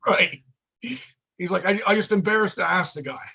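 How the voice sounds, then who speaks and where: A man with a high, bright, gravelly voice and a slightly husky edge. He tells a rambling, profane story in casual chat and acts out each quoted line with gusto. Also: expressive, normal speed. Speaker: podcast guest.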